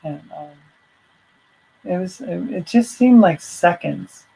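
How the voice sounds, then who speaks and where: Slow, rambling woman telling a story. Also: lowish voice, expressive, gravelly, dark tone, breathy edge, rough recording. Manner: rambling and chatty, full of asides. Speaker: vlogger. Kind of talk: casual personal storytelling.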